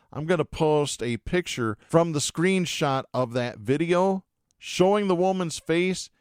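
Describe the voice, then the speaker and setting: Sarcastic news-reading man, high clear voice. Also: no echo, clean studio sound. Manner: sarcastic, indignant asides between read stories. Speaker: podcast host. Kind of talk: reading news stories with commentary.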